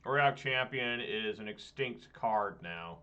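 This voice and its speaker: Bright-voiced man commenting on his game. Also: lowish voice, animated, takes it slowly, lo-fi sound. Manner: chatty, swears when frustrated with his deck. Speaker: streamer playing an online card game. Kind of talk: casual gameplay commentary.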